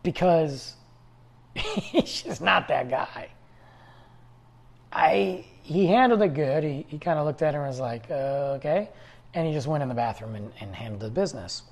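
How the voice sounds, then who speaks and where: Husky man talking casually. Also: fairly high pitch, very animated, moderate pace, long pauses. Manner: rambling, conversational storytelling. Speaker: podcast host. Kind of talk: casual solo talk.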